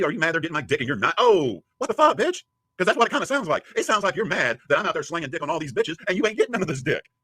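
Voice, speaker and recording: Husky guy ranting super fast, crude and mocking, pitch all over the place. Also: pushed and bright, no echo. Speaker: streamer answering a critic. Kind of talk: profane ranting commentary.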